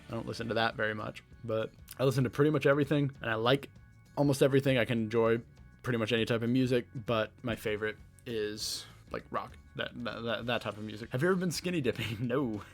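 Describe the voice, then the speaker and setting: A young man with a light Southern American accent, answering rapid-fire questions on his own podcast, rambling and laughing at himself. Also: mid-range voice, soft background music. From Southeastern United States. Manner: rambling, self-deprecating, laughs often. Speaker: podcast host. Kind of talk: casual Q&A monologue. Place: his bedroom.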